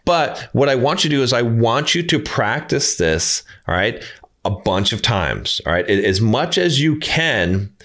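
A man's voice: mid-range voice, very animated, a little slow, fairly bright tone. A man with a mid-range voice talks straight to his viewers as a coach. He gives instructions in an emphatic, repetitive way and keeps checking in with "all right" and "right.". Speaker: dating coach. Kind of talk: direct-to-camera coaching talk.

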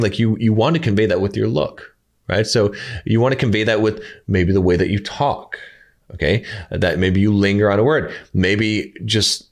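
A man giving emphatic, instructive coaching advice straight to his viewers, often checking in with "all right" and "right". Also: on the low side. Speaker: dating coach. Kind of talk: direct-to-camera coaching talk.

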